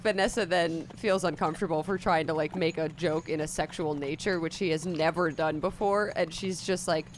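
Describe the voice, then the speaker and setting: A woman's voice: low-pitched, fairly even intonation, fairly quick, hardly any pauses, a little hiss or hum. A woman casually narrating her character's actions in a tabletop role-playing game. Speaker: tabletop player.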